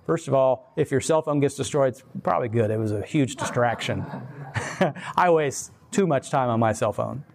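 A man giving a casual, rambling faith talk, animated, laughing often and putting on voices for quoted people. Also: medium pitch, moderate pace, gravelly. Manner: rambling, many fillers and restarts. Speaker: Christian speaker.

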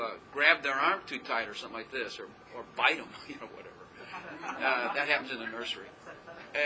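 A man's voice: fairly high pitch, poor audio. A man preaching a casual, rambling sermon as pastor, often laughing at himself as he talks.

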